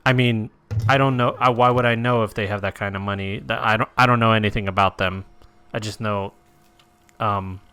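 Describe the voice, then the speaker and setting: A man voicing a nervous, shady male arms dealer who rambles and protests loudly. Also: on the low side, fairly even intonation, brisk, smooth, dry recording. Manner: rambling, defensive, loud protests.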